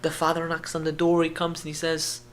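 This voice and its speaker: A man, a rabbi, telling a story in an emotional sermon. He swings from hushed tones to loud, urgent speech and repeats phrases for emphasis. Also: a little high, monotone, a little fast. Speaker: rabbi giving an inspirational talk.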